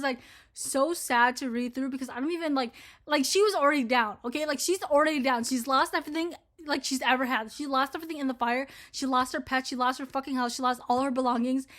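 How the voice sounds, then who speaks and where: Woman in her twenties, bright voice, casual rant, heavy swearing, lots of filler words. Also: high voice, brisk. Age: 20s. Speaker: vlogger. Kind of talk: casual ranting commentary to camera.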